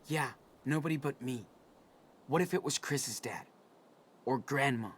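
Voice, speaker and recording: A man's voice: medium pitch, unhurried, fairly bright tone, a little hiss or hum, natural voice. A young man voicing a worried protective older brother. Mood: stern worried. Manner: firm, lecturing.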